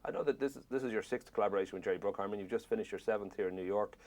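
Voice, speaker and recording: A man's voice: lowish voice, rapid-fire, a little mellow. An Irish man interviewing an actor, asking long rambling questions with jokes. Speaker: film interviewer.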